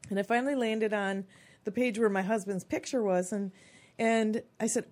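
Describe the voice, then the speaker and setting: Woman, 50s, radio guest, chatty and expressive storyteller. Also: medium pitch, moderate pace. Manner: chatty and expressive, acts out quotes in lively voices. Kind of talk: personal storytelling on a radio talk show.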